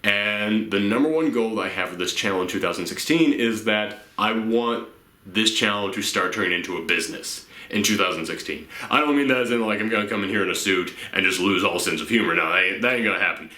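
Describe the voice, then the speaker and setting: Earnest young man vlogging, bright voice. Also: lowish voice, fast, reverberant. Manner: unscripted, rambling, earnest. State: tired, late at night. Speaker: YouTube channel host. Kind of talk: casual vlog to viewers.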